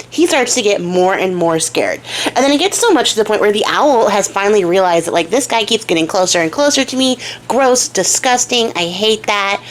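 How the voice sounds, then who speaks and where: A young woman telling a fairy tale in a casual, slangy way, with swearing and side comments. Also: medium pitch. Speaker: storyteller and craft vlogger. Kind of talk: casual storytelling.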